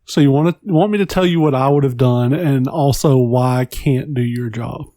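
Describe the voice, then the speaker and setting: A man's voice: medium pitch, normal speed, dark tone, dry recording. A man co-hosting a podcast who talks bluntly and defiantly in casual chat, with plenty of swearing. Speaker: podcast co-host.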